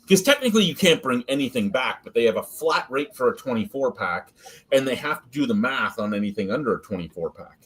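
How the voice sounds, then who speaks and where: A man's voice: medium pitch, big pitch swings, fast talker, fairly bright tone, breathy edge. A man hosting a beer review stream, telling an anecdote and swearing freely. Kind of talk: casual profane storytelling.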